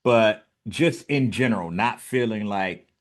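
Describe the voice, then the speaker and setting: A man's voice: lowish voice, measured pace. A man hosting an interview, asking questions and backing his guest with short affirmations. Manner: supportive, frequent short affirmations. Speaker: host. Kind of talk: interview conversation.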